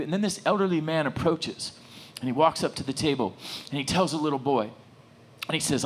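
A middle-aged man preaching a sermon, telling a story with lots of rambling asides and animated bursts. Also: fairly high pitch, brisk. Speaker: pastor.

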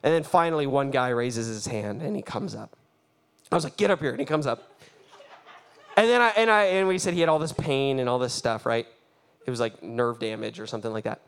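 A man's voice: medium pitch, a little fast, clean tone. A man preaching a sermon, telling a mission story with laughter and acted-out reactions. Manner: animated, laughing, acts out his own reactions.

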